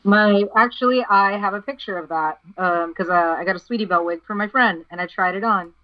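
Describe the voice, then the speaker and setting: A woman's voice: medium pitch, a little fast, dull audio. A woman co-hosting a casual group podcast, joking and chatting with friends. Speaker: podcast co-host.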